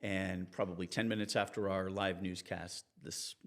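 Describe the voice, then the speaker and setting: Man telling lively newsroom war stories. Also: normal speed. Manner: animated, acts out quoted people with raised pitch. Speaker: investigative TV reporter, guest. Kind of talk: conversational storytelling in an interview.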